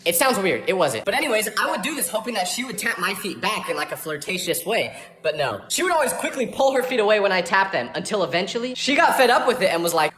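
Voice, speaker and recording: A young man telling comedic stories in a fast, animated monologue with exaggerated asides. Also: sits high, reverberant. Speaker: storyteller.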